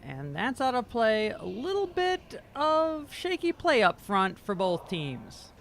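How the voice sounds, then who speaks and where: Guy calling a local curling match, high voice that jumps all over, jokey and rambling, bit of hiss behind. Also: huge pitch swings, takes it slowly, creaky, a bit bright. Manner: joking, self-deprecating, stumbles over names. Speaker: curling commentator. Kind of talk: amateur sports commentary. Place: curling rink.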